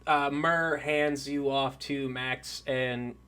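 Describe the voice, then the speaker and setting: A man narrating a tabletop game as game master, pausing often with filler sounds. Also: mid-range voice, fairly even intonation, pushed and bright, clean tone. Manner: halting, lots of "um" pauses.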